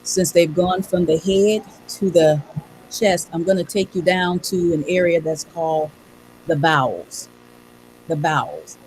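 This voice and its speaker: A woman's voice: on the low side, measured pace, a little mellow, slight background noise, rough recording. Woman guiding a vocal exercise. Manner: directive, calls on participants by name. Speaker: voice workshop co-leader. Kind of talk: guided vocal exercise instruction.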